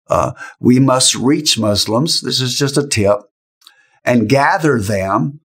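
An older man, a guest preacher, tells a story in an emotional sermon with slow, emphatic phrasing. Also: mid-range voice.

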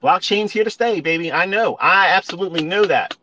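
Man, bright forceful voice, profane emphatic rant, repeats himself, dull lo-fi sound. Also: sits high, brisk, slight background noise. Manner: profane, emphatic, repeats points, addresses listeners as folks. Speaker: trading educator. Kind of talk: ranting monologue on a live audio space.

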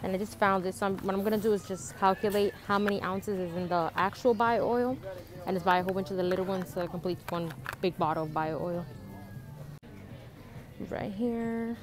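A woman's voice: medium pitch, fairly even intonation, fairly quick. A young woman from the Dominican Republic vlogging casually on a handheld phone in stores and on the street, talking in a blunt, profane, chatty way. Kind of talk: casual vlog narration. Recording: phone audio with loud public background noise.

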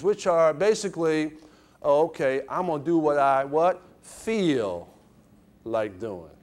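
Middle-aged male motivational lecturer, fairly high voice, preaching cadence, keeps asking the room to finish his sentences. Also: darkish tone. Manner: asks the crowd fill-in questions, preacher-like cadence. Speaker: guest lecturer. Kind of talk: motivational lecture to a college audience. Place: college lecture event.

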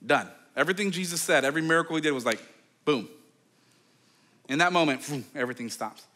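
A man delivers a sermon with a bright, forceful edge to his voice and a somewhat high pitch. He tells the story in a loose, chatty way, peppered with fillers, and acts out the voices of the people in it. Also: fast. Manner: animated storytelling, acting out quoted voices; conversational, with many fillers like "like" and "okay". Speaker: pastor.

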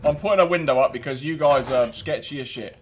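A man's voice: medium pitch, fast talker, faint music behind. Bantering British man gaming. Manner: bantering, swearing, laughing often. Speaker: game streamer. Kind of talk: casual gameplay commentary.

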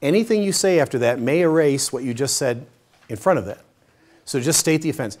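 Here a middle-aged man with a medium-pitched voice speaks fairly quickly as he teaches a Bible study. His storytelling is lively, alternating between booming emphasis and near whispers.

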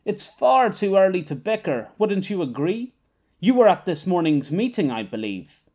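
A man's voice: high-pitched, sing-song, moderate pace, darkish tone, voice pushed up, heavily acted. A man voicing a smug, money-minded male captain who speaks with a plastered-on pleasant politeness in an audiobook. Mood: mock-polite. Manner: smarmy, falsely pleasant. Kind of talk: audiobook character voice.

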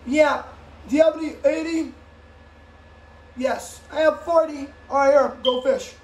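A woman improvising a toy play, voicing several characters and switching voices, with bursts of shouting. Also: sits high, fairly even intonation, unhurried. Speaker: home video creator. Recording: echoey room with faint background noise.

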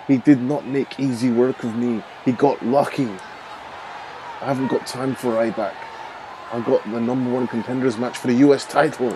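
A man's voice: mid-range voice, steady tone, moderate pace, background noise, close to an everyday voice. A man doing a cocky Scottish-sounding wrestler. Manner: cocky, dismissive. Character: brash male Irish wrestler, cocky brawler. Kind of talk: video game role-play voiceover.

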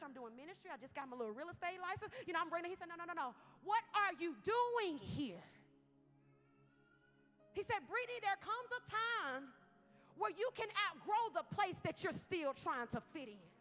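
A woman preaching a fervent sermon, moving between storytelling, asides to the congregation and loud exhortation. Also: high-pitched. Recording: echoey hall with music behind.

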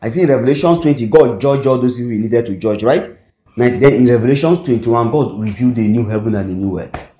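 Nigerian preacher in an echoey hall. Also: male voice, mid-range voice, fast talker, mellow, a little hiss or hum. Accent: Nigerian English. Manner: call-and-response, asks the congregation "what?" to fill in words. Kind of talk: sermon. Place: church hall.

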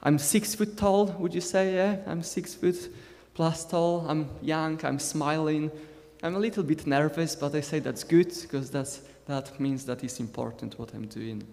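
A young man in his twenties with a Scottish Borders accent preaches a sermon in a chatty way, with joking asides to his congregation. His voice sits a little high for a man. It rings with the long reverb of a church hall. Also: steady tone, unhurried, a little mellow. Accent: Scottish, Borders (Galashiels). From Scotland. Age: 20s.

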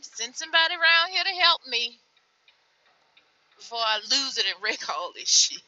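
A young woman truck driver venting from her cab in a vlog, weary and frustrated, dropping to tired mutters and then flaring up loud. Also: sits high, very animated, moderate pace, pauses often, dull audio.

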